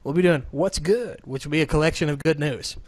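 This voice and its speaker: Over a remote call setup, a man from Southern Illinois with a fairly high voice hosts his podcast, talking fairly quickly in a casual, joking, rambling, self-deprecating chat with a remote co-host. There's no room sound.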